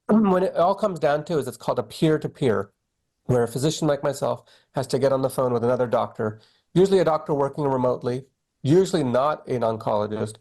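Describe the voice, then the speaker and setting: Middle-aged male doctor guest, candid, conversational, lively storytelling. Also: mid-range voice. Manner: candid, animated storytelling with quoted dialogue. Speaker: oncologist guest. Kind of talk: conversational interview.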